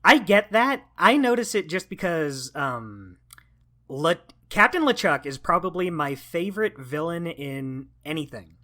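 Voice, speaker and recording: A man's voice: a little high, big pitch swings, measured pace, pushed and bright. A man co-hosting a podcast in casual chat, talking with enthusiastic, opinionated energy and many "like" fillers. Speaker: podcast co-host.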